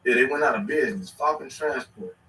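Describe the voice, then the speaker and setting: A man in his thirties telling stories in casual chat, animated and swearing freely. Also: mid-range voice, fairly quick, distant mic, slight background noise. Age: 30s. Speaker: podcast host. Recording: echoey room, away from the mic.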